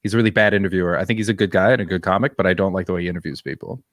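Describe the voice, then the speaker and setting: A man's voice: low voice, rapid-fire, no room sound, studio quality. A man co-hosting a casual comedy podcast, giving blunt, wry opinions and laughing often.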